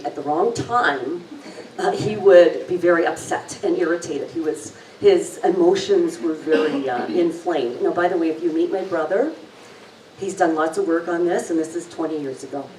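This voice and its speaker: Woman, talk presenter and relaxation guide; slow, gentle delivery, slightly low voice; distant, roomy recording. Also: a little hiss or hum. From lived long in New Zealand. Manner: unhurried, gentle, lingers on words. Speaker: speaker leading an intuition talk. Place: talk in a room with an audience. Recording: echoey room, mic at a distance.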